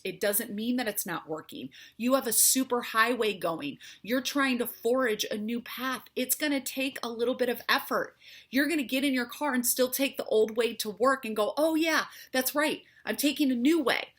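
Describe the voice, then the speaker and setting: A woman's voice: on the high side, moderate pace, fairly bright tone. A woman who is a faith-based health coach gives a motivational talk, speaking earnestly and directly to her viewers. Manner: earnest, encouraging, speaks straight to the listener.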